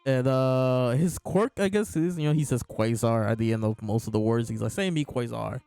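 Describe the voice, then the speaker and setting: A man's voice: medium pitch, steady tone, moderate pace, mellow, clean tone, dry recording. Chatty man laughing through a review. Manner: amused and chatty, laughs often. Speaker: podcast host reviewing manga. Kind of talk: casual chat.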